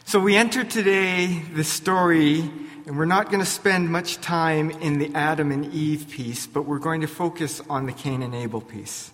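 A man pastor preaching a sermon in a church, deliberate, posing rhetorical questions to his congregation. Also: on the high side, fairly bright tone, long reverb tail.

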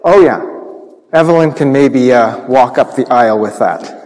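A pastor telling a Bible story to children in church, animated, acting out sound effects. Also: male voice, medium pitch, normal speed. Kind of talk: children's sermon. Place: church sanctuary. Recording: long church reverb.

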